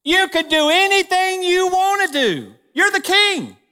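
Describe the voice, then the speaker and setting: A man's voice: very high-pitched, very animated, measured pace, bright, forceful tone, voice pushed up, exaggerated voice. A preacher voicing a scheming queen who eggs on her husband, emphatic and insistent, in an echoey church hall.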